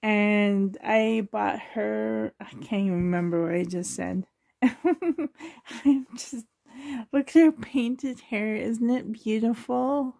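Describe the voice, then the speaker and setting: A woman's voice: fairly high pitch, slow pace, gravelly, dark tone. A woman chatting casually in a home nursery, rambling and gushing, often laughing. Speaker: doll collector vlogger. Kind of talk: casual rambling vlog chat.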